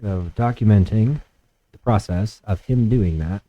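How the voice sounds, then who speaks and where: A man's voice: fairly low pitch, measured pace, a crowd in the background. A man playing in a tabletop game, making dry, wry asides. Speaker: player. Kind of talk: tabletop role-play chat. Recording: slightly dull lo-fi audio.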